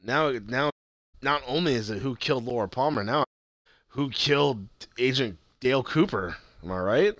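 A man's voice: medium pitch, animated, moderate pace, a bit bright, no echo. A man co-hosting a casual podcast, recapping a TV episode with lots of swearing and acted-out quotes. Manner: swears often, retells scenes in acted quotes. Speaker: podcast co-host.

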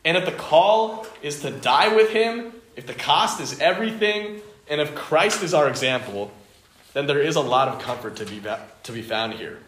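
Earnest youth preacher who stacks repeated phrases. Slightly high voice, echoey room. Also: male voice, lively intonation, normal speed, fairly bright tone. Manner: earnest, emphatic, builds lists and repeats phrases. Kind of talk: sermon. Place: indoor home fellowship meeting. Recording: echoey room, faint noise.

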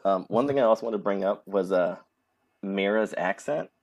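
Wry, low-voiced podcast co-host. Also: male voice, normal speed. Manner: wry, jokey asides. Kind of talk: casual podcast chat.

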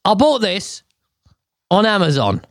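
A man's voice: high-pitched, wildly swooping pitch, a little slow. A man, hosting a solo podcast in a sweary, rambling, exasperated way. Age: 30s. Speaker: podcast host. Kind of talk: casual solo podcast chat. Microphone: podcast mic.

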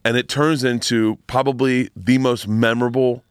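A man's voice: medium pitch, little pitch movement, moderate pace, clear, resonant tone, no echo, clean studio sound. A middle-aged man from Florida, guest on a podcast, telling rowdy stories in a rambling way with many restarts. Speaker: comedian guest. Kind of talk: casual podcast chat.

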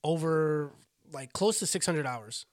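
A young man co-hosts a podcast in a slightly high voice. He rambles along casually, stops often, and restarts his sentences. His delivery is loose and unpolished. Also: unhurried, no echo, studio quality. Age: young adult. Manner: rambling, hesitant, full of restarts. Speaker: podcast co-host. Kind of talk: casual chat.

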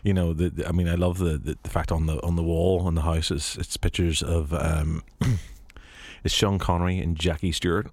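A man hosting a casual film discussion, talking haltingly with many fillers and restarts. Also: low voice, little pitch movement, gravelly, darkish tone, dry recording. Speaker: podcast host.

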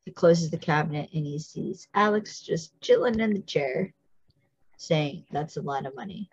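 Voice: medium pitch, normal speed, slightly rough, no echo, highs cut off. A podcast host giving a casual, chatty recap of a TV episode, full of fillers and acted-out quotes.

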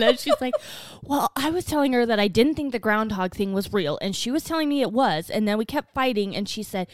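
A woman's voice: a little high, lively intonation, brisk, hardly any pauses, dry recording, studio quality. A woman co-hosting a podcast, retelling a quarrel in casual chat, quoting others and laughing often. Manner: laughing, quotes others while telling a story. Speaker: podcast co-host.

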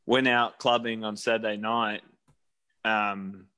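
A man's voice: on the low side, flat delivery, takes it slowly, bright, forceful tone, clear, resonant tone. A man in his thirties from New Zealand, casually telling a travel story with lots of fillers and restarts.

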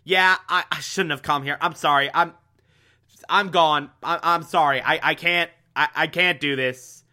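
A man's voice: fairly high pitch, steady tone, unhurried, pushed and bright. A man voicing a flustered, apologetic man who stammers and hesitates.

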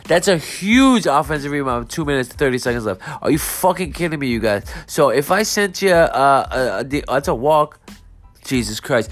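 A man's voice: fairly high pitch, a bit bright. A man with a stuffy nose hosting a sports betting podcast, reacting to a game and apologizing, frustrated and profane. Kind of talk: live reaction and apology monologue.

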